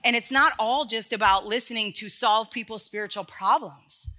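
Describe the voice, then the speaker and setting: A woman's voice: a little high, normal speed, pushed and bright. A woman preaching an earnest, conversational sermon to a congregation, often restarting her phrases. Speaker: speaker in a church sermon series.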